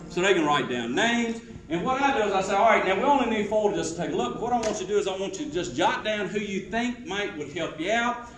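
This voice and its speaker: A man giving a sales training talk to a live audience, quizzing the crowd and acting out sales pitches. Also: expressive, fast, a bit bright, distant mic. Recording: roomy hall echo with faint noise.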